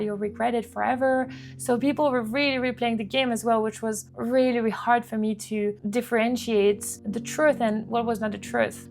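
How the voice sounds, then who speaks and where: A woman vlogger telling a painful personal story to camera in an earnest, halting way, often restarting and repeating words, with faint guitar music under her voice. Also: a little high.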